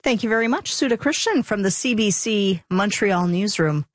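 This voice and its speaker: A woman's voice: mid-range voice, animated, normal speed, no room sound. Chatty woman hosting a radio show. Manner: chatty, laughs easily. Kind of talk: casual radio chat.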